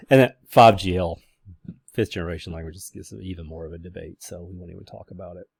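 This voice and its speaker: A man's voice: deep voice, a little fast, gravelly, breathy edge, no echo. A man lecturing a class in a casual, rambling way, with many fillers and restarts.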